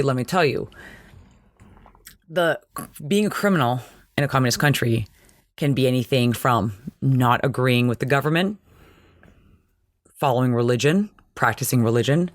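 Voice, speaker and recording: Fast-talking nerdy podcast host, dry mic. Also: medium pitch, no room sound. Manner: fast, chatty and nerdy, laughing at own nitpicks. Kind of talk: casual TV episode recap.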